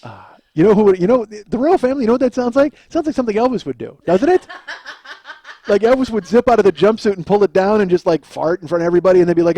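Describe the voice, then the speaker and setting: A man's voice: sits high, expressive, fast, dark tone. A middle-aged man hosting a solo comedy podcast, telling a rambling, self-deprecating story and laughing at himself. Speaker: podcast host.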